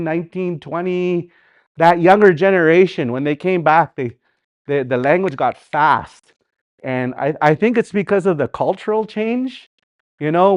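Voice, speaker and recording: A man with a Canadian Dakota community accent, teaching a live online language class in a relaxed, conversational way, repeating example words and going off on friendly asides. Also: on the high side, no echo, highs cut off. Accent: Canadian Dakota community English.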